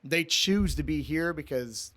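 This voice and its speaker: A man's voice: fairly high pitch, animated, measured pace, pushed and bright. A young man, a podcast guest, tells a casual, rambling story full of swearing, often calling the listener "dude". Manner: profane, rambling, says "dude" a lot. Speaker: podcast guest, former prison officer.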